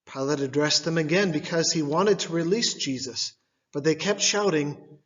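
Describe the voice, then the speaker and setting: A man giving a liturgical scripture reading, delivered in measured phrases, one at a time. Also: fairly high pitch, lively intonation, highs cut off. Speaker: scripture reader.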